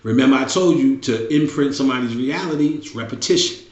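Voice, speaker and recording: A man's voice: mid-range voice, fast talker. A middle-aged man hosting a show, talking in a blunt casual monologue with heavy swearing and repeated phrases. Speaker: show host. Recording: roomy, dull lo-fi recording.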